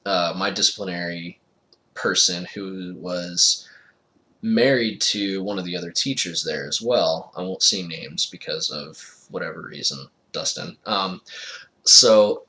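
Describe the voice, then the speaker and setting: A man's voice: low voice, unhurried, pushed and bright. A young man telling a casual personal story, rambling with lots of fillers and frequent laughter.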